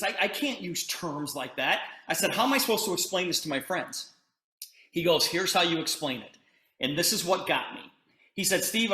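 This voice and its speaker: Middle-aged male presenter, animated storyteller, roomy echo on the voice. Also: high-pitched. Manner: retells a conversation in quick asides, addresses listeners as "you guys". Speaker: company presenter telling a story.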